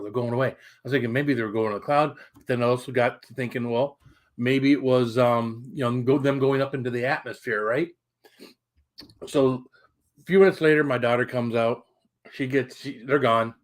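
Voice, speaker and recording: Middle-aged male streamer, mid-pitch, loose rambling storyteller who swears casually. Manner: rambling, chatty, greets viewers mid-story; colorful swearing. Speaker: livestream host.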